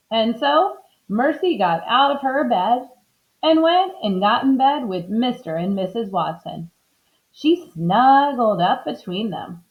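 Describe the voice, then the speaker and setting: A woman reads a children's storybook aloud at an unhurried pace. Her pitch is bright and high and moves up and down with every turn of the story. The recording sounds slightly dull and lo-fi. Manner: expressive and animated. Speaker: storybook reader. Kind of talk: children's book read-aloud.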